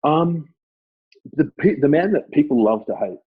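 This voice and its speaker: A man with an Australian accent, a former club footballer, chatting casually as a guest and telling lively stories. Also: on the high side, moderate pace, husky, no room sound, narrow, tinny audio. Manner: animated storyteller, laughs often. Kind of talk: casual chat.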